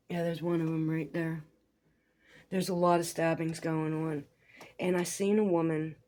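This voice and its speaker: Rambling woman vlogger, lowish voice. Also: darkish tone. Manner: rambling, conspiratorial, swears casually. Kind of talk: casual commentary over a video.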